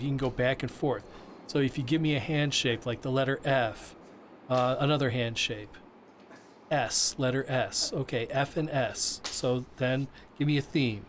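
A man voicing a signer's interview answers as interpreter, halting with frequent restarts and repeated words. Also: mid-range voice, fairly bright tone, slight background noise.

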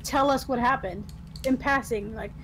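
Blunt, high-voiced woman chatting. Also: normal speed, fairly bright tone, a little hiss or hum, low-quality recording. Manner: matter-of-fact, blunt. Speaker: guest on a game stream. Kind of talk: casual chat.

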